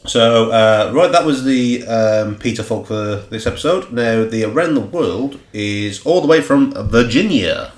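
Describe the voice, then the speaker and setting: A man's voice: medium pitch, animated, measured pace, hardly any pauses, roomy sound. A man with a Black Country accent co-hosting a casual beer podcast, teasing and self-mocking. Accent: Black Country English. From Black Country, England. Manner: dry, self-mocking banter. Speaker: podcast co-host. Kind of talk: casual podcast chat reviewing beers.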